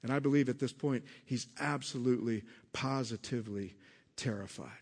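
A man preaching a sermon, asking the congregation questions and swinging between hushed, low passages and loud, emphatic ones. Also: normal speed, gravelly, slightly rough. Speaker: pastor.

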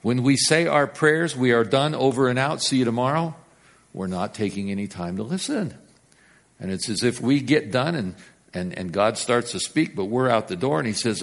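A man preaching a sermon, telling the story with big swings from loud and emphatic to hushed. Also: medium pitch, lively intonation, moderate pace, creaky.

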